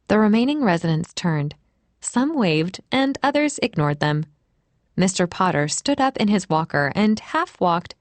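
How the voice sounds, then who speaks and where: Expressive woman audiobook narrator. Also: on the low side, a little slow, dry recording. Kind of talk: scripted narration. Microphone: close studio mic.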